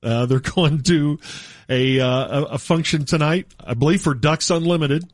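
A man hosting a radio talk show, arguing his point in an animated, casual way. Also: fairly high pitch, normal speed, no room sound, clean studio sound. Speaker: radio sports talk host. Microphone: studio mic.

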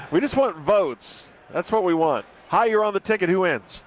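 A man hosting a radio sports call-in show, taking caller votes with quick, wry remarks and easy laughs. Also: high voice, expressive, slight background noise. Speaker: radio sports talk host. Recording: dull lo-fi radio broadcast.

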